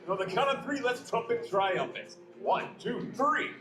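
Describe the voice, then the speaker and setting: A man hosting a live theme park pre-show, theatrical and upbeat as he warms up the crowd. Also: very high voice, expressive, moderate pace, reverberant, very noisy. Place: outdoor theme park stage.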